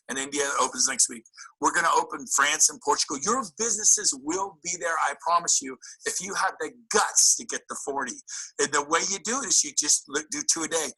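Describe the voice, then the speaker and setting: A man giving a motivational talk to real estate agents, acting out little exchanges and throwing in sudden incredulous jumps in tone. His voice is very bright and a bit husky. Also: on the high side, rough recording. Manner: animated, incredulous, acts out quotes.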